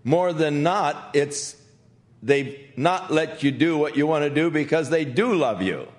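Older male pastor, conversational Bible teacher, animated pitch, gentle and unhurried. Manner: gentle conversational teaching, acting out quotes softly.

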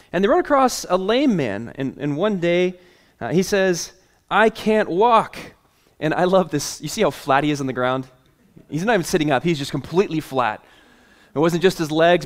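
Lively, slightly high-voiced male pastor. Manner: animated, playful storytelling with chuckles; softer, earnest tone when making the point. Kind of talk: sermon.

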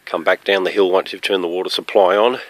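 A man walking around his rural property outdoors, explaining his fire sprinkler system in a plain, practical, matter-of-fact way with pauses. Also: deep voice, fairly even intonation, dry recording. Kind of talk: casual walkthrough narration. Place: outdoors on a rural property near a running pump.

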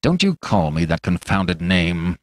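A man's voice: mid-range voice, very animated, normal speed, creaky, dry recording, studio quality. A man voicing a reckless young doctor who talks in a cool, sneering, worldly way.

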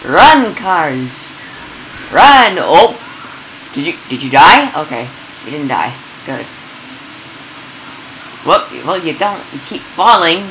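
A woman giving excitable, casual commentary over gameplay, yelping and laughing at the chaos. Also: low-pitched, slow, pauses often, a little hiss or hum, rough recording.

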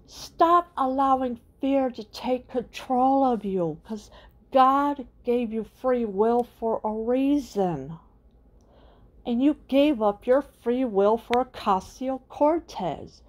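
A middle-aged woman hosting her own channel, delivering an indignant political rant and firing off repeated rhetorical questions. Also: on the high side. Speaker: channel host.

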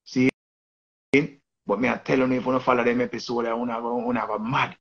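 A man's voice: medium pitch, little pitch movement, brisk, gravelly, slightly rough, muffled recording. A man with a Jamaican accent giving rambling casual commentary in patois, often repeating and restarting his phrases. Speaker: online commentator.

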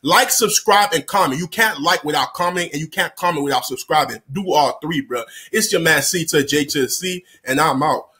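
A man's voice: on the high side, fairly quick, few pauses, bright, forceful tone. A man from Miami telling a story in casual, slangy talk, often repeating words as he goes. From Miami, Florida. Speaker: storytime vlogger.

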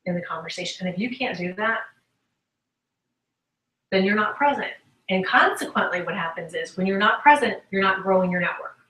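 Bright-voiced woman giving an animated pep talk. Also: mid-range voice, a little fast, pauses often. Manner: animated storytelling, acts out quoted conversations. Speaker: guest speaker and sales trainer. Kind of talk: motivational talk. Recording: echoey room, voice from a distance.

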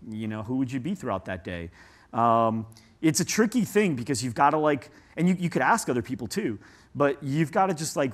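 A man speaking as a guest in an interview, animated and storytelling, leaning on "like" a lot. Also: medium pitch. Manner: animated, storytelling, says "like" often. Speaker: guest agency CEO. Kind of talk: conversational interview.

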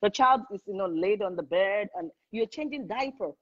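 A woman hosting a live parenting chat online, hammering home her points by repeating them. Her voice is somewhat husky and comes through a dull, muffled lo-fi line. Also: mid-range voice, animated, normal speed. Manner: emphatic, repeats points for stress. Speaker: host. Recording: muffled lo-fi audio.

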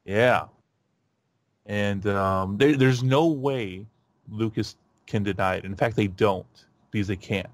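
A man hosting a podcast in a casual chat, rambling with lots of fillers and restarts and getting animated. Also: lowish voice, slow pace, dry recording. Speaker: podcast host.

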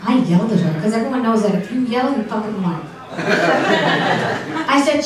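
Deadpan woman comic in an echoey club. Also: a little high, moderate pace. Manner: dry, deadpan delivery of dark jokes with audience banter. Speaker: stand-up comedian. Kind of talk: stand-up comedy set. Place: comedy club stage. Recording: echoey club room from far off, noisy.

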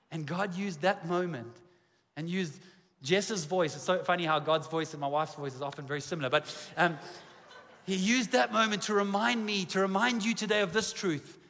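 A South African man in his forties preaches to a church, his voice high and bright as he mixes jokes about himself into the message. He speaks from a stage in a big auditorium, and a long hall reverb trails each line. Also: moderate pace. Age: 40s. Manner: humorous, self-deprecating storytelling, lively. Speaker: pastor. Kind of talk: sermon.

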